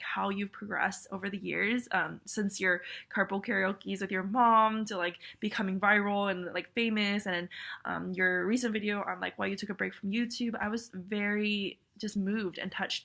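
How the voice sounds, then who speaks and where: A woman's voice: mid-range voice, gravelly, bright, forceful tone. A young woman with a cold and a nasal voice, rambling through a casual, heartfelt video message recorded on a webcam at home. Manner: rambling, many fillers and restarts. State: sick, nasal. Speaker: viewer sending a video message. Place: at home on her bed. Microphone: photo booth webcam.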